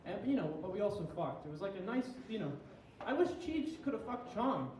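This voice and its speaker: A man's voice: sits high, very animated, brisk, darkish tone, slight background noise. A young man, a little tipsy, doing a crude, rambling, self-deprecating stand-up comedy set at a small venue. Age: young adult. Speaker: stand-up comic. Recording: echoey room, heard from a distance.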